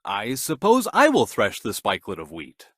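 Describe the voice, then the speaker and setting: A man's voice: fairly low pitch, wildly swooping pitch, normal speed, no room sound, studio quality, voice pushed down, full character voice. A man doing an eager, hardworking cockerel. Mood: calling, eager. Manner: calling out loudly, eager. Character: hardworking patient male cockerel.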